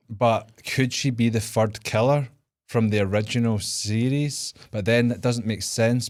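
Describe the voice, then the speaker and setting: A man's voice: on the low side, a little mellow, no room sound, clean studio sound. A man co-hosting a casual podcast, laughing often as he lays out long fan theories. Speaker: podcast co-host. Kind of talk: casual chat.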